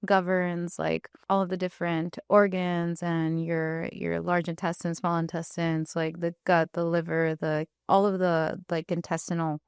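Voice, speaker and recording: A woman's voice: fairly low pitch, level tone, unhurried, hardly any pauses, clear, resonant tone, no room sound, clean studio sound. A woman being interviewed as a spiritual coach and energy healer, explaining earnestly in casual chat with many "like" fillers.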